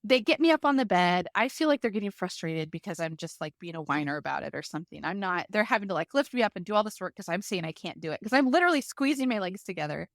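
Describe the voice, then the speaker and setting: A woman guest on a podcast telling a personal story in a lively way, full of "like" fillers. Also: medium pitch, quick pace, hardly any pauses, no echo, studio quality. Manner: lively, vivid retelling with many fillers like "like".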